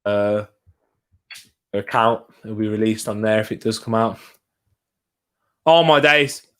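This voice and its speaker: A young man doing live watch-along commentary of a football match, reacting loudly to chances and chatting to viewers. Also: on the low side, takes it slowly, clear, resonant tone.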